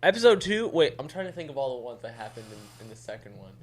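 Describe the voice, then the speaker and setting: A young man with a mid-range voice co-hosts a podcast, talking quickly as he retells crude stories in casual banter. The storytelling is animated, full of laughter and plenty of swearing.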